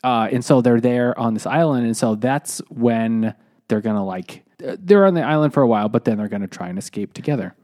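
In a casual podcast chat about a book, a male co-host speaks a little fast with a medium-pitched, dark voice. He laughs readily and rambles, often restarting and using fillers.

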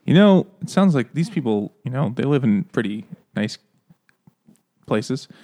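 A man's voice: mid-range voice, big pitch swings, a little slow, mellow. A man co-hosting a casual podcast, riffing sarcastically and laughing often. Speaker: podcast co-host. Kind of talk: casual chat.

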